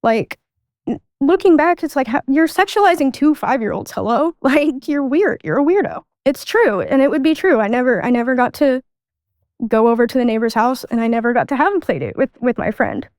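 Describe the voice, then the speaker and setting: Smooth higher-voiced woman telling a personal story. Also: animated, fairly quick, darkish tone, no room sound, studio quality. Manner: conversational, frequent "like" fillers. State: adult. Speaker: podcast guest.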